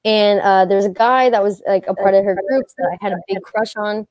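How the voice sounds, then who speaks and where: A young woman, a guest singer telling a lively story and acting out the other people's voices. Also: mid-range voice, brisk, dry recording. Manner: animated, acts out voices in her story. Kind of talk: casual storytelling.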